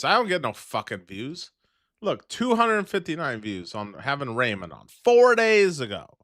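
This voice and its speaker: A man's voice: on the high side, huge pitch swings, moderate pace, fairly bright tone, no echo, clean studio sound. A man hosting a casual livestream, talking in a profane, rambling way and laughing between remarks. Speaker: livestream host.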